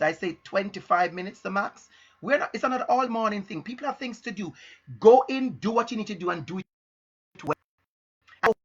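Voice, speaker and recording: Bright-voiced man, deliberate and emphatic. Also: sits high, muffled recording. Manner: deliberate, emphatic, repeats key phrases. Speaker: educator and motivational speaker. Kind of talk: live-streamed motivational talk. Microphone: laptop and phone.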